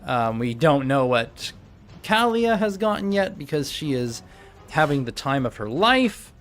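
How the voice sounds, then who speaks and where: A man's voice: fairly high pitch, big pitch swings, measured pace, faint music behind. A young man narrating as game master on a voice call, rambling with many fillers and restarts.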